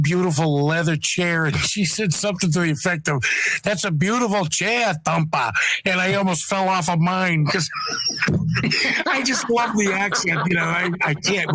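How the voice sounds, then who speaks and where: A man from New England calling in to a talk show, friendly and rambling, halting with many restarts. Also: a little high, a bit bright, no echo. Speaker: caller. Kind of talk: casual phone-in chat.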